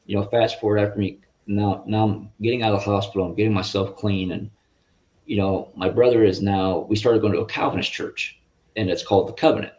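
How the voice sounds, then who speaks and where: Guest man, low-pitched, earnest and halting, on a dull lo-fi video call line. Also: fairly even intonation, darkish tone. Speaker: interview guest. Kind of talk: personal faith testimony. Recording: muffled lo-fi audio.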